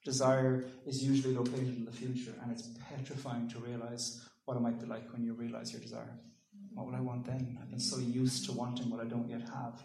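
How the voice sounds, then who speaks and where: A man giving a thoughtful public talk, pausing and restarting, and reading a poem aloud. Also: medium pitch, monotone, creaky, mellow, a little hiss or hum. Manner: thoughtful, halting with ums and restarts. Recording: roomy echo.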